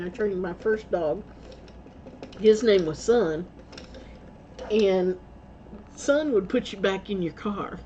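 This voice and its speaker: Mellow-voiced woman telling stories casually. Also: medium pitch, muffled recording, a little hiss or hum. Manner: rambling, laughs often, self-corrects. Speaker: vlogger. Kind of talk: casual storytelling.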